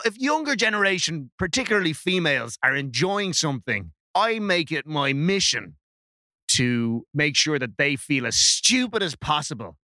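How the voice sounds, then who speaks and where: A man with a high, very bright and sharp voice plays a pompous snob on a comedy panel. He gets worked up easily, and the sound is dry. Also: dry recording. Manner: pompous, mock-snobbish, excitable. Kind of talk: comic banter.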